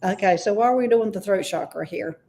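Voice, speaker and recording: A woman's voice: mid-range voice, fairly quick, vocal fry, mellow. Tentative woman giving an intuitive reading. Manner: tentative, often unsure of her messages. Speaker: intuitive reader. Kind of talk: live-streamed psychic reading.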